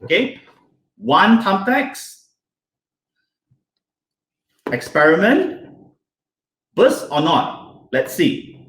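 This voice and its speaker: A man leads a hands-on science lesson for kids, his fairly high voice bouncing up and down as he keeps throwing questions at the children. He sounds roomy, with plenty of echo around him. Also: sing-song, slow, noisy background.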